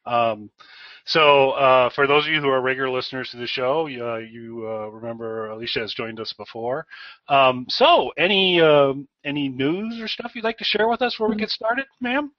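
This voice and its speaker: A man's voice: medium pitch, moderate pace, dry recording. A man co-hosting a podcast in casual chat, joking and teasing his guests. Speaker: podcast co-host. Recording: muffled, set back from mic.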